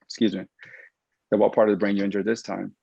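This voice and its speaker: Husky clinician guy explaining concussion rehab on a webinar, animated, dull lo-fi dry audio. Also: lowish voice, fast talker, no echo. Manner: animated, explanatory, acts out patient quotes. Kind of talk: webinar presentation.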